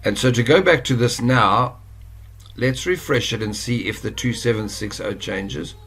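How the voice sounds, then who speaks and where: A man's voice: medium pitch, normal speed, fairly bright tone, husky. A South African man giving a casual screen-share tutorial, chatty and rambling, correcting himself as he goes. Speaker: online course instructor.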